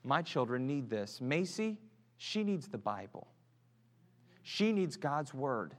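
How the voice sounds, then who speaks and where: A man in his thirties preaching a sermon in a church, building from quiet earnest talk to shouted fervor and back to soft prayer. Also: mid-range voice, very animated, slow. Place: church sanctuary. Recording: long church hall reverb.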